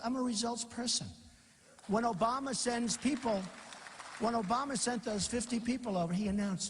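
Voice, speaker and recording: Speaking fairly quickly in an animated, high-pitched voice, a man in his 60s addresses a campaign rally as a candidate. The setting is a packed large auditorium with a balcony, with long reverb from the big hall. His speech rambles, shifting from reading aloud to riffing with asides.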